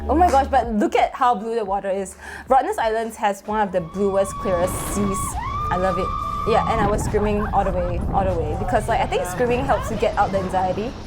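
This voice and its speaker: A young woman vlogger talking excitedly over her own video, full of exclamations and fillers, with faint music behind her. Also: mid-range voice, fairly quick. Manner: gushing, exclamatory, many fillers.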